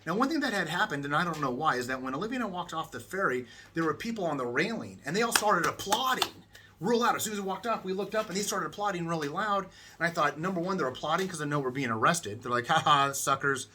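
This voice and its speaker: A man's voice: a little high, quick pace, a little hiss or hum. A middle-aged man from the United States, telling a travel story casually and acting out the people in it. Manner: animated, acts out voices of people in the story.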